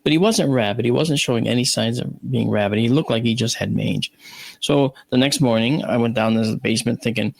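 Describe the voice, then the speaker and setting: Creaky-voiced man telling animated stories. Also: mid-range voice, fairly quick, no room sound. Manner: animated anecdotes, acting out his own and others' lines; frequent restarts and repeated words. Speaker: guest, astronomer and video analyst. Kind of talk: casual storytelling in an interview.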